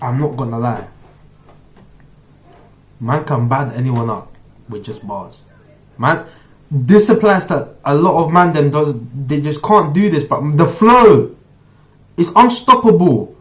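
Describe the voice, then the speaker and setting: A man's voice: a little high, a little slow, pauses often. A young man, reacting to a track in slangy, emphatic casual commentary. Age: 20s. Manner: emphatic, slangy, bursts of excitement. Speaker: reaction video host.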